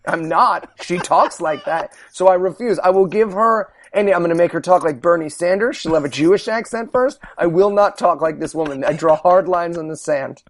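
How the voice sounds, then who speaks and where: A man co-hosting a comedy podcast, talking in a sarcastic, rambling way with quick restarts. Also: sits high. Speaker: podcast co-host. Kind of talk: casual comedic movie chat.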